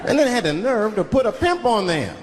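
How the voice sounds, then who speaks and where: Animated profane male stand-up comic. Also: sits high, fairly quick, crowd noise. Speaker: stand-up comedian. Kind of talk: stand-up comedy. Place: comedy venue on stage. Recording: live club recording, reverb, audience laughter.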